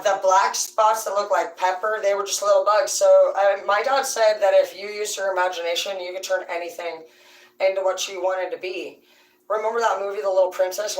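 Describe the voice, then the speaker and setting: A woman telling profane, rambling comedic stories about growing up on a farm, in a loose, animated way. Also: fairly low pitch, distant mic. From rural farm upbringing. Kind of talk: casual comedic storytelling. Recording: roomy, away from the mic.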